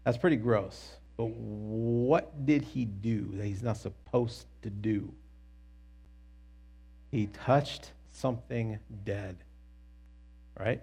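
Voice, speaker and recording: A man teaching a Bible story in a casual, animated and jokey way, with quick asides and restarts. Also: on the low side, creaky, breathy edge.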